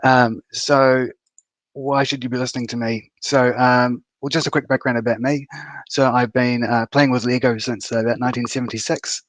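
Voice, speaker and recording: A man's voice: mid-range voice, flat delivery, normal speed, no room sound. A man in his fifties giving a conference talk over a video call, casual and full of fillers and restarts. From New Zealand. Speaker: conference speaker.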